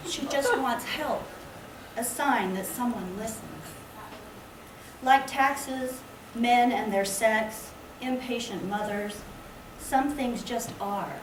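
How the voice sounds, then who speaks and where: A woman reading her poetry aloud at a public library event in a measured, lyrical way. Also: fairly high pitch. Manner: slow, measured, lyrical delivery. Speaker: poet reading her work. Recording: echoey room, distant mic, background noise.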